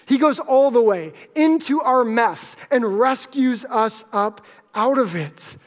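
In a church sanctuary before a live congregation, a man preaches a sermon in a very high-pitched, expressive voice, taking it slowly. He keeps things conversational and joking with the crowd, and long hall reverb fills the recording.

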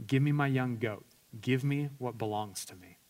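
A man's voice: medium pitch, moderate pace, darkish tone, lightly acted. A man preaching, voicing a resentful grown son who complains that he has been wronged. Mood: cold. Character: resentful grown elder son, self-justifying.

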